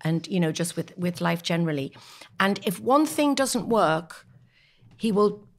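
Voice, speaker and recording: A woman who is an actress, chatting as a podcast guest and telling stories in an animated way. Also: fairly low pitch, unhurried. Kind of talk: casual podcast chat.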